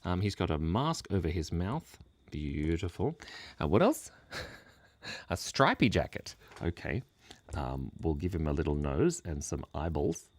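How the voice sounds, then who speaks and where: A man's voice: deep voice, very animated, unhurried. A man hosting a live drawing stream, chatting playfully and gushing with praise as he draws. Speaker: drawing livestream host.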